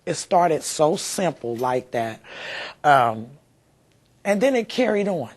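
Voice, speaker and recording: A woman's voice: low voice, big pitch swings, slow, darkish tone. A woman, a mother being interviewed, talking heartfelt and rambling with many fillers. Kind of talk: emotional interview recollection.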